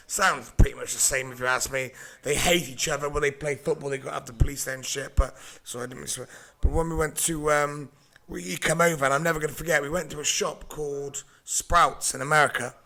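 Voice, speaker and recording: A man's voice: medium pitch, gravelly. A man telling a rowdy anecdote in casual chat, acting out the people in his story. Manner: animated anecdote teller, mimics voices. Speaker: podcast co-host.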